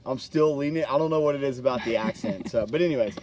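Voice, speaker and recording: A man's voice: medium pitch, quick pace, crowd noise. A man chatting casually outdoors in a garden, joking and rambling with many hesitant restarts. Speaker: co-host of a gardening vlog.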